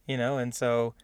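A man in relaxed conversation as a podcast co-host, chatty and rambling, stumbling over his own words and laughing along. His voice sits at an average pitch and comes through a dry, close recording. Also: smooth, no room sound. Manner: chatty, laughs often, many restarts. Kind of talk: casual chat.

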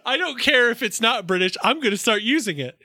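Lively high-voiced man, podcast co-host. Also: brisk, no echo. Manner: animated, laughs often, frequent likes and fillers. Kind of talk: casual chat recapping episodes.

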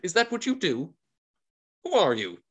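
Man voicing a roguish minstrel, boastful, theatrical, quick to take offense, tabletop game. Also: high-pitched, wildly swooping pitch, a bit bright, pitched above the performer's own voice, exaggerated voice. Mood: indignant.

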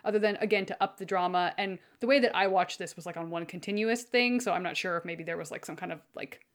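A woman in casual conversation who talks animatedly, acting out quoted lines with big jumps in pitch. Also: quick pace. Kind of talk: casual chat.

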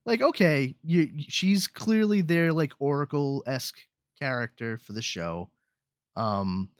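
A man's voice: fairly high pitch, measured pace, no echo, studio quality. A man hosting a podcast in casual chat, rambling and swearing freely. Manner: rambling, profane, animated. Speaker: podcast host.

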